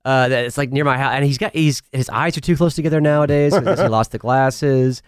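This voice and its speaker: A man's voice: mid-range voice, fairly quick, smooth, dry recording, studio quality. A man cohosting a radio show, trading blunt, snarky put-downs in casual banter.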